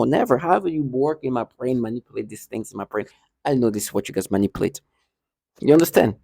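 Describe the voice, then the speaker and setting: Man, agitated ranting vlogger, darkish mellow voice, repeats and restarts a lot, dry sound. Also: medium pitch, gravelly, dry recording. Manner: indignant, repetitive, frequent restarts and stumbles. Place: indoor building hallway.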